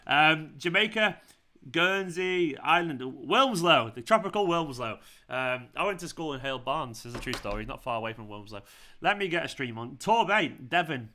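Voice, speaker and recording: A man chatting casually while hosting a football watchalong live stream, excitable and quick to swear. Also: a little high.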